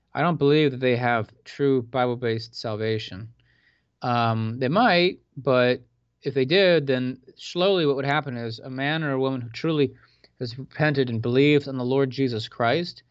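A man's voice: medium pitch, no echo. A man hosting a radio show, giving casual religious commentary in a preachy, conversational way with sarcastic asides. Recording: dull lo-fi sound.

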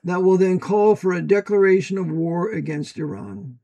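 A high-pitched American man delivering a preachy monologue. He talks emphatically and swings into loud bursts, then reads passages aloud from a book. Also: moderate pace, dull audio. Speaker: commentator.

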